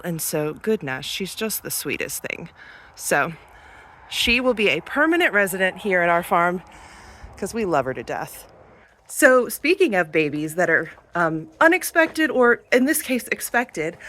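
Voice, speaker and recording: A woman in her thirties or forties films herself on a handheld camera while doing farm chores outdoors and in barns, vlogging chattily and sweet-talking the animals. Her voice is lowish and fairly bright, and she's out of breath at times.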